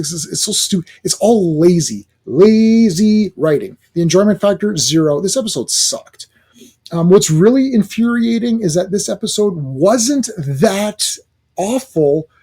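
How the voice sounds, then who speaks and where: Exasperated male reviewer, rambling and casual, a touch high-pitched. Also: darkish tone, breathy edge. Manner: rambling, exasperated, many fillers and restarts. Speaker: video reviewer.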